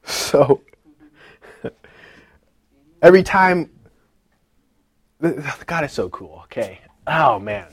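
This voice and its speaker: A man in his thirties giving a personal faith testimony, dropping to a hush and rising loud again, laughing at himself as he tells the story. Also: on the high side, sing-song, very slow, pauses often, slightly rough. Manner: swings from hushed to loud, laughing, self-deprecating storytelling.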